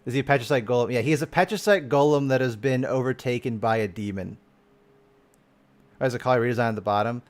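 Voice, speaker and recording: A man streaming live and reacting to game content in casual chat, excitable and swearing freely, often trailing off and restarting. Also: medium pitch, fast.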